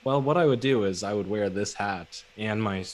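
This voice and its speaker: A man's voice: on the low side, normal speed, rough recording. A man from Newfoundland co-hosting a livestream podcast in casual chat, dry and laid-back with a tired late-night wit. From Newfoundland, Canada. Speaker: podcast co-host.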